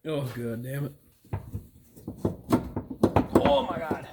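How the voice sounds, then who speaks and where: Working on a car indoors at a repair garage, an auto mechanic host walks through the fix while muttering and cursing under his breath in frustration. His fairly high voice is picked up by a camera mic a few feet off, and the recording is very noisy.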